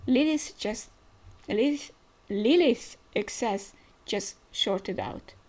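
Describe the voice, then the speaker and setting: A woman hosting a casual manga reaction, reading panels aloud and thinking out loud as she goes. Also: a little high, animated, slow pace. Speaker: manga reaction channel host.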